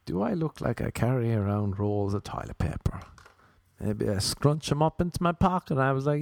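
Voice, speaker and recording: A man's voice: mid-range voice, expressive, normal speed, vocal fry, darkish tone, no room sound. A young Irish man telling rambling, self-mocking comic stories, often laughing at his own jokes. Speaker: comedian. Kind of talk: comic monologue.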